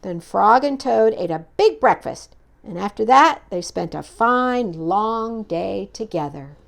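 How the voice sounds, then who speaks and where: A woman reading a children's picture book aloud in an expressive, animated way. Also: medium pitch, a little slow, vocal fry. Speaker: storyteller.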